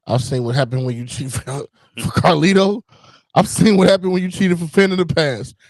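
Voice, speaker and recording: A man's voice: a little high, normal speed, no echo. A man co-hosting a casual wrestling podcast, blunt, profane and wisecracking. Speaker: podcast co-host.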